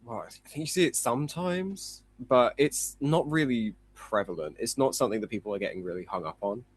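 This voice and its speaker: A man's voice: mid-range voice, brisk, breathy edge, dry recording. A man appearing as a guest illustrator on a podcast, speaking casually with self-deprecating, rambling humour and jokey asides.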